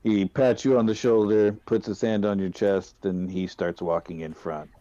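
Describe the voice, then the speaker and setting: A man playing a tabletop game, slowly narrating his character's actions. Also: fairly low pitch, fairly even intonation, dark tone, no echo, lo-fi sound. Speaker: player. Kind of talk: casual tabletop play.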